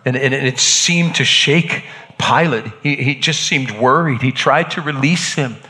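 A man acting a hardened Roman centurion shaken by an execution, talking haltingly and repeating words, in a church drama. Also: mid-range voice, sharp tone, big-room sound. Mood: grave, shaken.

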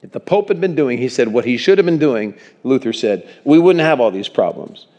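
A male pastor preaching a sermon in a church, animated and chuckling, calling for amens from the congregation. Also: medium pitch, fairly quick, muffled recording. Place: church sanctuary. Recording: long reverb in a church hall.

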